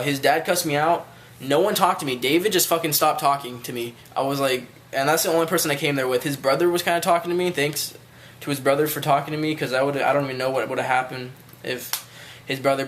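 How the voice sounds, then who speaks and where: A man's voice: mid-range voice, fairly bright tone. A man telling a rambling, casual story to his viewers, with loose phrasing and frequent swearing. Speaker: vlogger.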